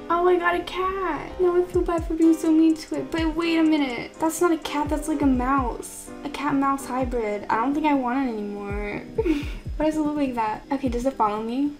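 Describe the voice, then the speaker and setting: With a high-pitched, slightly mellow voice, a young gaming YouTuber exclaims her way through a game she's never played, sounding casual and confused. Music plays clearly in the background under her.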